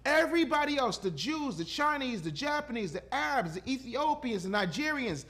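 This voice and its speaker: A man's voice: extremely high pitch, sing-song, moderate pace, bright, forceful tone. A man in his fifties, a podcast guest and entrepreneur, talking in a blunt, emphatic, profane way with a preaching cadence. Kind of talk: casual podcast conversation.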